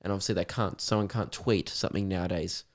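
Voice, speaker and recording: A young man, hosting a casual podcast and telling lively stories, acting out the voices of the people in them. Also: low-pitched, fast talker. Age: young adult. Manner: animated storyteller who acts out voices of others. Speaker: podcast host and comedian.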